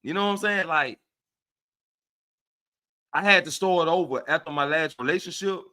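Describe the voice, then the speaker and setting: A man with a Southern US accent hosting a casual livestream, speaking to his viewers in an animated, preachy way and often checking in with them. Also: on the high side, normal speed. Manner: animated and preachy, often asks "right?" of listeners. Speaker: livestream host. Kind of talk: casual livestream talk to chat.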